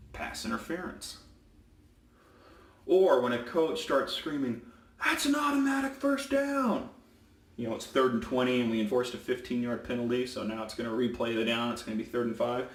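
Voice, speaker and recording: A football referee chats casually as he shaves, growing heated and ranting with emphasis. His voice sits at medium pitch, and the microphone is set back in a room full of echo.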